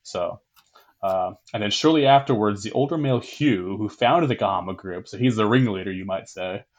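Young male podcast host, fairly low voice, loose and rambling, quick to laugh. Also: muffled recording. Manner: rambling, laughs often, swears casually. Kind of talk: casual history podcast chat.

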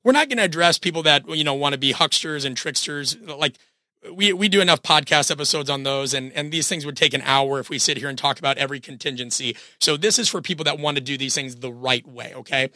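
Man, 30s, podcast host, sick with a cold, earnest coaching talk, slightly high voice. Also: fast, pushed and bright, no room sound, clean studio sound. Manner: earnest, coaching tone, addresses listeners directly.

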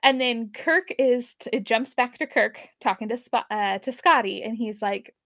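Giggly high-voiced woman recapping a show. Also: normal speed, a bit bright, no echo, studio quality. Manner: giggly, rambling, acts out characters' lines. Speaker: podcast co-host recapping an episode. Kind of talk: casual chat.

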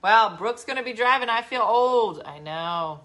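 Middle-aged mom host, bright chatty voice, casual live chat. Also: female voice, fairly high pitch, lively intonation, measured pace. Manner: chatty, reading comments aloud, lots of mm-hmms. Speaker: host, mother.

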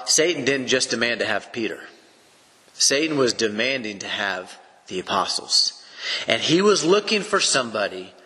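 Heard in a space with long, echoing reverb, this East Texas man teaches the Bible in a sharp, mid-range voice. He is earnest and emphatic, walking through his explanation one step at a time.

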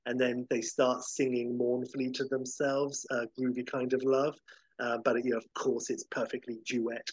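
Podcast host, husky, dry close mic, rambling comic pitch narration. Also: male voice, flat delivery, normal speed, dry recording, rough recording. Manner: casual and rambling, full of "like" and "uh".

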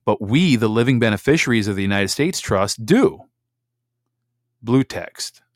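A middle-aged man from Michigan, reading documents aloud slowly with emphasis and breaking into casual chatty asides as a host. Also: lowish voice, lively intonation, no echo, studio quality. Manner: reads slowly with emphasis, then chats in asides.

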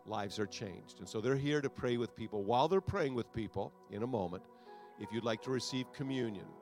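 A man's voice: mid-range voice, a little fast, faint music behind. A man preaching as a pastor, with a repetitive, exhorting cadence that builds toward fervent prayer. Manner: rising to loud fervent prayer. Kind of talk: sermon altar call and prayer.

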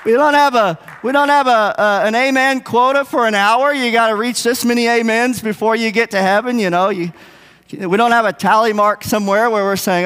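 A man's voice: very high voice, normal speed, fairly bright tone, clear, resonant tone, long reverb tail. A man preaching a sermon in an earnest, conversational way, asking the congregation rhetorical questions. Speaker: pastor. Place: church sanctuary.

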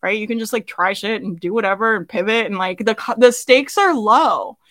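Bright-voiced chatty woman coaching live. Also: mid-range voice, moderate pace. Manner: chatty, laughs often, many fillers. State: tired, losing her voice. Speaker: business coach hosting a live session. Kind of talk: casual live-stream coaching.

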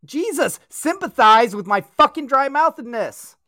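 A man's voice: very high-pitched, animated, measured pace, pushed and bright, dry recording. A man co-hosting a podcast in casual chat, who swears freely and teases dryly. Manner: swears freely, dry teasing. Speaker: podcast co-host.

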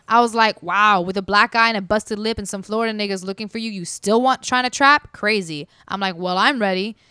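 Woman telling a crazy story, acts out all the quotes, smooth voice, dry sound. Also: mid-range voice, sharp tone, no room sound. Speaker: podcast storyteller. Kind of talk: casual storytelling.

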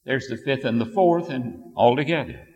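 A man delivers a sermon with emphatic, declaring force. His pitch swings widely, and his voice rings out into a long hall reverb, as in a church sanctuary. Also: expressive, moderate pace, a little mellow, highs cut off. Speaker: preacher. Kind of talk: sermon with scripture reading.

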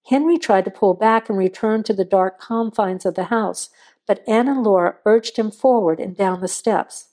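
Mellow-voiced woman reading a suspense story. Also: medium pitch, moderate pace. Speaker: narrator. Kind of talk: scripted storytelling narration.

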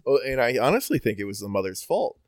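A man co-hosting a podcast in casual chat, telling stories in an animated, jokey way. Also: mid-range voice, fast, dry recording, studio quality. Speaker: podcast co-host.

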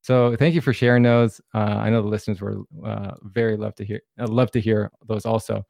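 A man's voice: on the low side, little pitch movement, fairly quick, gravelly, darkish tone, dry recording. A man hosting a podcast who encourages and thanks his guest as he leads the talk. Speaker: podcast host. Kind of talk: casual interview chat.

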